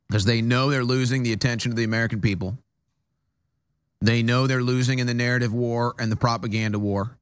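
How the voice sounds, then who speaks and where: A man's voice: medium pitch, steady tone, a little fast, smooth. A man hosting a political talk show from a studio, delivering an emphatic monologue with frequent stammered restarts.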